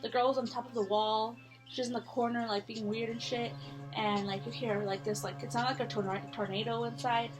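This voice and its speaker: A woman's voice: fairly high pitch, steady tone, fairly quick, music in the background. A young woman telling a scary story in a casual, rambling way, full of fillers and swearing.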